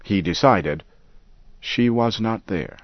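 A man narrating a story in a slow, deliberate, clearly paced scripted reading. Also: fairly low pitch, animated, no room sound, muffled recording.

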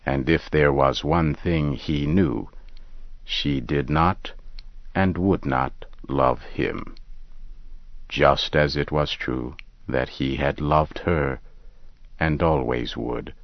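A man narrating a story in a slow, measured, deliberate way. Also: dry recording, lo-fi sound. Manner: measured, deliberate, low and calm. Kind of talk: slow scripted story reading.

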